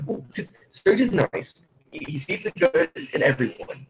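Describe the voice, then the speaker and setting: Man player, gravelly, lively pitch, agreeable, short replies. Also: normal speed, noisy background. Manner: agreeable, answers in short bursts and restarts. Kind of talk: casual podcast chat.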